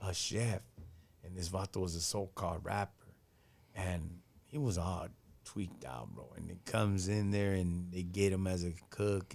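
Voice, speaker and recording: A man hosting a live stream, telling stories in casual, slang-filled chat and acting out what people said. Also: low voice. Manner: slangy, animated, acts out quotes from his stories.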